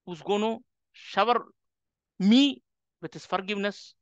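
Teaching the Quran to an audience, this man is emphatic and leans heavily on rhetorical questions. He speaks a little slowly in a high-pitched, clean voice with no echo, though the lo-fi recording is slightly dull.

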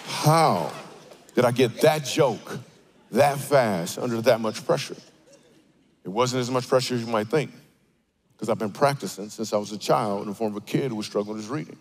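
A man preaching a comedic sermon in a church auditorium, telling stories with animated, playful asides. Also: medium pitch, normal speed. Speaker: guest speaker.

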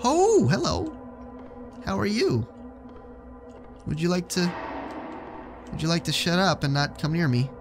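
A man's voice: high-pitched, sing-song, a little slow, long pauses, music in the background. A young man commenting on a horror game as he plays, joking and swearing when startled. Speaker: let's play gamer.

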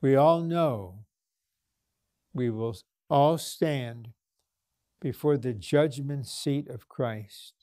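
A man's voice: mid-range voice, very slow, pauses often, warm tone, no echo, clean studio sound. A man delivering a sermon to a congregation, speaking earnestly and posing rhetorical questions, with small restarts. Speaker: minister.

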